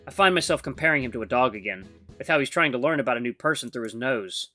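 A game streamer reading the narration of a visual novel aloud in a lowered, steady voice. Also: quick pace, dry recording, soft background music.

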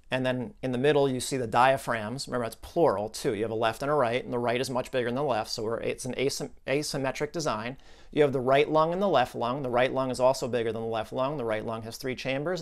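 A man explaining a client's case in a conversational video lesson, thinking aloud with asides and restarts. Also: mid-range voice.

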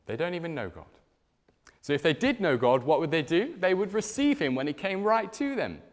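A man preaching a sermon in a church, telling stories with big swings in pitch and loudness. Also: brisk. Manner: animated storytelling with strong swings in pitch and loudness. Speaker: pastor. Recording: reverberant church hall.

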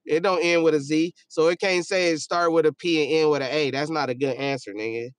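A man's voice: on the high side, fairly even intonation, fairly quick, no echo, clean studio sound. A man hosting a casual livestream, reading viewer comments aloud in a loose, joking and profane way, often trailing off into a mumble. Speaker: livestream host.

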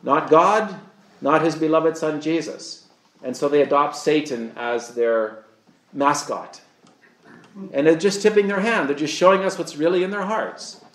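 A man's voice: a little high, unhurried, a bit bright, roomy sound. A man preaching a sermon as pastor, earnest and fond of rhetorical questions to his listeners.

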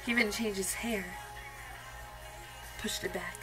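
A woman's voice: medium pitch, fairly even intonation, measured pace, low-quality recording. A young woman hosting a music video reaction, chatty and gushing as she comments. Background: faint music.

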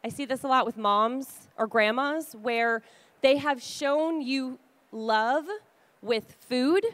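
A woman's voice: on the high side, a bit bright, no echo. A woman giving a conversational advice talk, chatty and acting out little quoted exchanges. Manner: chatty, acts out quoted dialogue.

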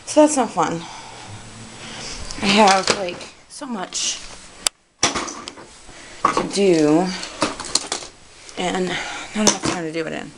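A woman's voice: on the low side, drawn-out words, pauses often. A young woman, a stay-at-home mom, chatting casually and a bit out of breath while tidying her child's bedroom, rambling and sighing between thoughts. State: out of breath, panting. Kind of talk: casual home vlog chat. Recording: noisy home-camera recording.

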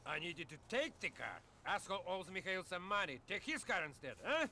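A man's voice: sits high, sing-song, fairly quick, bright, forceful tone, a little hiss or hum, full character voice. An actor playing a mocking male crime boss in a video game, sneering and condescending as he hands out a job.

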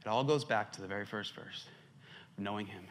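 A man pastor preaching a sermon, swinging between loud emphatic stretches and hushed ones, a little out of breath. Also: lowish voice, a little fast, a little hiss or hum.

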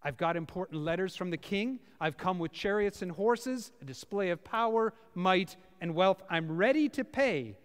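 A man's voice: sits high, lively intonation, moderate pace, few pauses, clean tone, big-room sound. A man acting out a proud, indignant army commander in a sermon, ranting with pompous self-importance. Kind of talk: sermon acting out a scripture figure.

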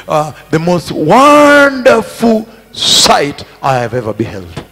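A man preaching a sermon at a conference, repeating his phrases emphatically and building to shouted peaks. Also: a little high, slightly rough. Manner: emphatic and repetitive, rising to shouted climaxes. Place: large conference hall. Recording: reverberant hall with faint music.

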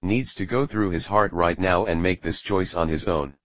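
A man's voice: low-pitched, normal speed, no echo, lo-fi sound, natural voice. A man reading the firm, caring lines of a young male pirate in a storybook reading.

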